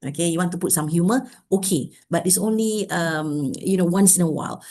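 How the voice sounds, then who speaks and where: Lively lower-voiced woman with Malaysian English. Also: fairly quick. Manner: lively, peppers talk with "okay". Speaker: workshop speaker. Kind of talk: lecture.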